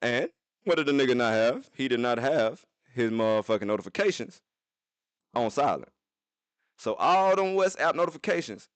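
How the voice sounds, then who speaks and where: A young man streaming from his phone, telling a profane story to his chat in an animated way, with sudden jumps into high voices. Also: normal speed, no echo.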